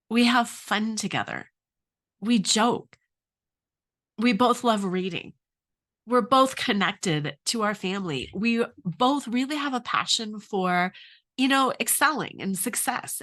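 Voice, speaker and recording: A woman's voice: medium pitch, fairly bright tone. A middle-aged woman coaching on relationships, asking earnest questions and telling her own story. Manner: earnest, asks many questions. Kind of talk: advice talk with personal story.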